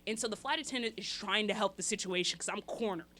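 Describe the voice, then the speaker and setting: A woman's voice: mid-range voice, fast. A young woman guest on a podcast, telling a funny story in a casual, chatty way and acting out what people said. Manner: animated, acts out quotes with shifting voices; chatty, laughs through her story.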